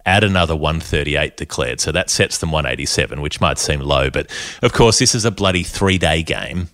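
Aussie guy with a super low voice, chatty storyteller, dry close mic. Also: brisk, no echo. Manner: animated, laughs through his stories. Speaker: podcast host. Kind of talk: casual storytelling chat.

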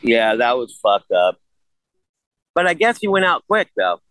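A man's voice: mid-range voice, sing-song, a little slow, fairly bright tone, dry recording, low-quality recording. An older man in a casual interview, blunt and profane, rambling through stories. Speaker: guest.

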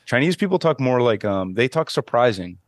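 A man's voice: medium pitch, big pitch swings, brisk, dry recording, clean studio sound. A man co-hosting a casual podcast, rambling and hesitant with lots of fillers. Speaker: podcast co-host. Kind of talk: casual chat.

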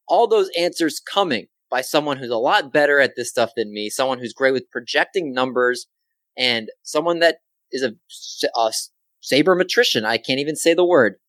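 A man's voice: mid-range voice, a bit bright, no room sound. An upbeat man hosts a sports podcast solo, chatting casually and poking fun at himself. His voice sits in a middle range, and the recording is dry and close with no room sound. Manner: upbeat, self-deprecating, quick asides. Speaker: podcast host.

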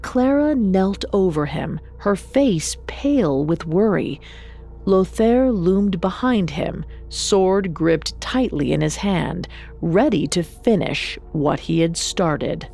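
Woman storyteller, lower voice, measured dramatic storybook narration. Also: expressive, a little mellow, soft background music.

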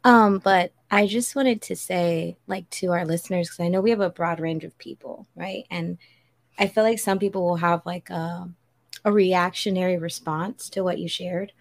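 Woman, podcast regular, earnest, preacherly, gravelly fry. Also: lowish voice, steady tone, moderate pace. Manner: earnest, preacherly, quotes scripture. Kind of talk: heartfelt spiritual appeal.

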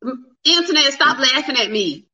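A woman's voice: high voice, animated, moderate pace, bright, forceful tone, dull audio. Flustered woman hosting a livestream. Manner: flustered, talks to viewers as "y'all". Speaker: livestream host. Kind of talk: casual live chat.

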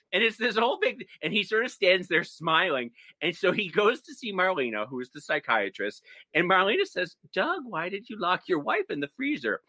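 Male co-host, gossipy storyteller, bright and sharp tone. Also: high voice, no echo. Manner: gossipy, excitable storytelling with acted-out quotes. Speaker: podcast co-host. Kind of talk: animated casual chat.

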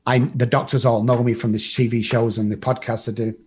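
A man's voice: mid-range voice, little pitch movement, a little fast, a little mellow, husky. A man from England, telling a personal recovery story to a group, blunt and profane, acting out the people in it. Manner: blunt and profane, acts out the voices in his story. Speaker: recovery speaker.

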